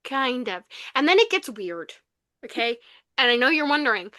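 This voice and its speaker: A young woman co-host tells a book plot in a loose, animated way, full of "like" and "you know." Her voice sits high and bright. It is recorded dry and close, with no room sound. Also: normal speed, no echo. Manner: animated retelling with frequent fillers. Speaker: podcast co-host. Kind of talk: casual book review chat.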